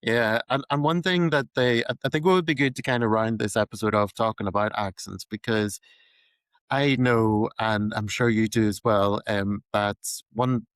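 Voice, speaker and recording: A young Irish man hosting a casual podcast chat, laughing often and letting sentences trail off quietly. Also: lowish voice, fairly even intonation, normal speed, smooth, no echo. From Ireland. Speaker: podcast host.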